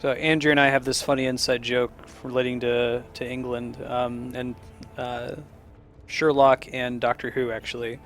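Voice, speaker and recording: Young American streamer, casual, rambling, chuckles a lot, mid-pitched. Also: male voice, little pitch movement, moderate pace, fairly bright tone, faint music behind. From United States. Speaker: game streamer. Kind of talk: casual chat over gameplay.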